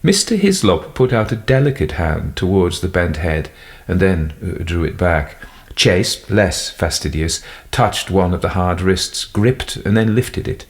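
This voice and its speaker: A man narrating a classic detective story in a measured storytelling manner. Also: sits low, expressive. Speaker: audiobook narrator. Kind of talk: scripted narration.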